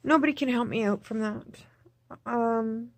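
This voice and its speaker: A woman recording a personal video diary, speaking in a subdued, tearful, halting way and repeating herself. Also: a little high, dry recording. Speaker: vlogger.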